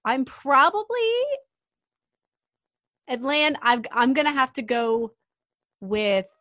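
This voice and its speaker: A woman co-hosting a podcast, chatting casually in a giggly, animated way. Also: on the high side, slow, dry recording, studio quality. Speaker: podcast co-host. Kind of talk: casual chat.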